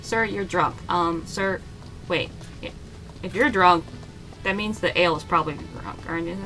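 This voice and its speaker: A woman's voice: on the low side, moderate pace, pushed and bright, faint music behind. A young woman giggling and swearing casually as she comments on a game, with hesitant fillers. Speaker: gamer. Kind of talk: casual let's-play commentary.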